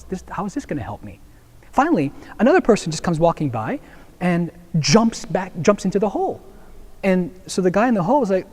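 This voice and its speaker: A man's voice: fairly high pitch, darkish tone, slightly rough. A young man, a Jesuit deacon, shares earnest reflections in a video blog, telling a story with many fillers and restarts.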